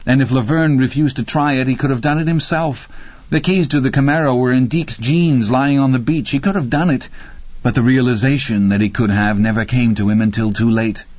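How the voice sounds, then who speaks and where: A man narrating a horror audiobook in a measured, grim, deliberate way. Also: mid-range voice, a little mellow, no room sound. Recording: dry, slightly muffled studio read.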